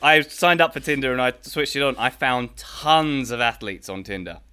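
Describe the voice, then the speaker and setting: A man's voice: mid-range voice, animated, moderate pace, bright, forceful tone, clean tone. A man hosting a casual podcast, running a quiz segment with a wry, joking manner.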